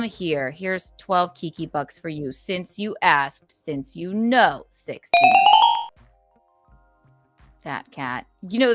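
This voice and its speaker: Woman livestream host yakking with chat, lowish voice, dry sound. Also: gravelly, a bit bright, dry recording. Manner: chatty, reads out viewer donations playfully.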